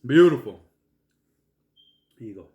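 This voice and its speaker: A man talks slowly and easily in a casual eating video, often with his mouth full and sprinkling in Spanish exclamations. His voice sits in a middle range, and it bounces around a roomy, echoey space. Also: mid-range voice, muffled recording, slight background noise. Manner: slow and relaxed, mixing in Spanish exclamations. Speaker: food vlogger. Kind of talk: casual mukbang chat while eating. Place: at home. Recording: roomy echo.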